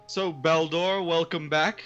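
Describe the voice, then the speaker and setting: A man's voice: fairly high pitch, a bit bright. A man playing a tabletop game, giggly and playful, in slightly muffled lo-fi audio. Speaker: player. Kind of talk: casual tabletop game chat.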